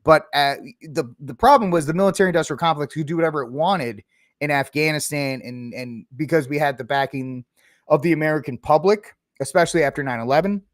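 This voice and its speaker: Podcast host, male, fairly high voice, opinionated and mocking, dry close sound. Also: fairly quick, no echo. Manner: opinionated, mocking, acts out impressions of politicians. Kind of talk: casual political commentary.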